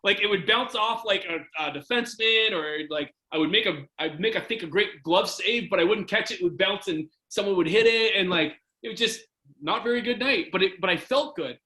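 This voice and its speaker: A middle-aged man with a Canadian accent telling a hockey story in a casual interview, animated and acting out quotes. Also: fairly quick, echoey room, poor audio. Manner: animated, acts out quotes with jumps in pitch.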